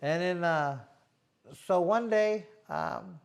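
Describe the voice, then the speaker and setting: A middle-aged man, a boxer hosting a show, telling stories in a casual, animated, slangy way and acting out what people said. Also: high voice, slow pace, gravelly. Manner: animated, slangy, acts out quotes. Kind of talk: casual storytelling chat.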